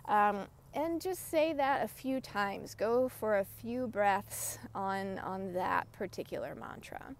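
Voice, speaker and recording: An American woman calmly explaining types of meditation as a meditation instructor, often checking in with "right?". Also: mid-range voice, slow pace, hardly any pauses, slight background noise. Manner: calm explanatory teaching, frequent "right?" and "um". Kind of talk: teaching a meditation session.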